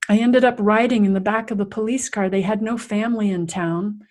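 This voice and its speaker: A woman's voice: medium pitch, fairly quick. Middle-aged woman telling a vivid story. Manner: vivid, animated storyteller who acts out scenes. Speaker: guest, resilience coach. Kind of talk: personal storytelling in a podcast interview.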